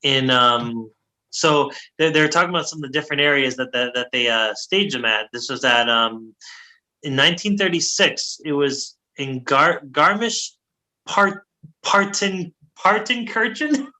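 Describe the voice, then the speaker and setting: A man's voice: mid-range voice, normal speed, pushed and bright, low-quality recording. A man co-hosting a casual sports history podcast, full of fillers and laughing at his own pronunciation. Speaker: podcast co-host.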